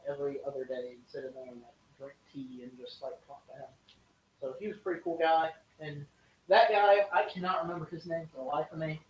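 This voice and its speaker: A woman's voice: sits low, far from the mic. A woman telling travel stories to a group in a chatty, casual way, full of fillers. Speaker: student speaker sharing travel stories. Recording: echoey room, faint hiss.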